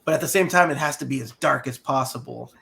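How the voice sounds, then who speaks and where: A man's voice: mid-range voice, fast talker, vocal fry, a bit bright. A man co-hosting a podcast, talking in rambling, hesitant casual chat. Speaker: podcast co-host.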